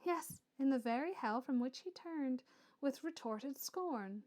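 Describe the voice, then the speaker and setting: A woman reading an audiobook and voicing a proud, earnest young woman who speaks softly and with quiet fervour. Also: sits high, expressive, unhurried. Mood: fervent.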